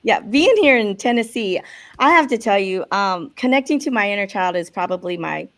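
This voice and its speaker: A woman's voice: mid-range voice, animated, normal speed. A bubbly woman talking as a podcast guest, giggling often and rambling through her thoughts with frequent restarts. She comes through a video call from a small rented room. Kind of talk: casual interview talk. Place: Airbnb rental room.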